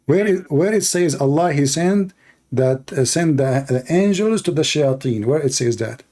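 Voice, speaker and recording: Man hosting a call-in debate, mellow and warm tone, fairly high voice, mocking, taunting, insulting callers, slightly broken English, live show talk. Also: lively intonation, normal speed.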